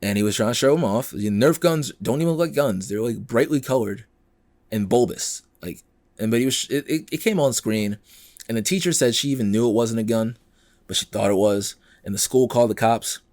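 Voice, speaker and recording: A male podcast host ranting through the news, his voice jumping between high and low as he acts out the people in the stories. He talks at a middle pitch, close to a dry mic. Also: brisk, no room sound. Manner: animated and exasperated, acts out quoted people, swears freely. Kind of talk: casual news commentary.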